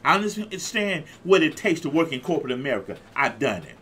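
Lively preaching man in his fifties. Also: a little high, a little fast, slight background noise. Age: 50s. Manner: exuberant, call-and-response preaching with repeated phrases. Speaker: pastor. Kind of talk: sermon.

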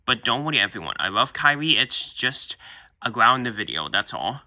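A man's voice: mid-range voice, sing-song, moderate pace, pushed and bright. A man hosting his own channel, introducing a fan video in a chatty, reassuring way. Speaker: channel host.

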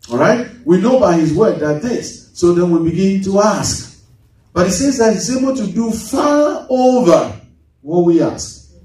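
A man preaching a sermon in a church, picked up from a distance in a very echoey hall. His voice sits fairly high but sounds mellow, and he keeps asking the congregation questions to draw responses. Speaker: pastor. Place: church sanctuary.

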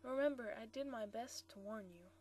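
A woman reading the part of a timid old male antique dealer in a storybook, speaking softly and hesitantly with a stammer. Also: a little high, moderate pace, slight background noise, natural voice. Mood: pleading. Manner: hesitant, soft-spoken, stammering.

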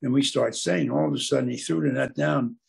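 Gravelly older man telling stories. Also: medium pitch, fairly even intonation, quick pace, darkish tone. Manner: meandering, searches for words with many fillers. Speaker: guest speaker at an aquarium club. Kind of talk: rambling anecdotal storytelling.

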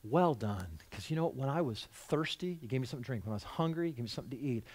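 A middle-aged male pastor preaching a sermon in a church, animated, acting out quoted voices and moving between loud emphasis and hushed lines. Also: mid-range voice, very fast. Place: church sanctuary.

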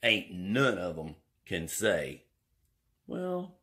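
Man, drawling, jokey, rambling, slow, swooping pitch. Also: sing-song, a bit bright, slightly rough. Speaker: vlogger. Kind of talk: rambling comic vlog. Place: indoors.

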